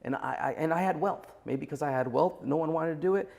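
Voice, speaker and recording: A man's voice: on the high side, brisk, gravelly, darkish tone. A man in his forties, a guest on a podcast interview, giving blunt and emphatic opinions. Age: 40s. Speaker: entrepreneur guest.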